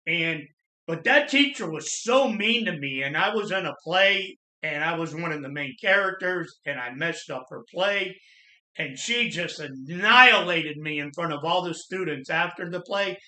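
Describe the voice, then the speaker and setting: A middle-aged man hosting his channel, earnestly telling his own life story in a plain-spoken, halting way. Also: a little high, expressive, sharp tone. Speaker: channel host sharing personal trauma story. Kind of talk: personal storytelling monologue. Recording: echoey room.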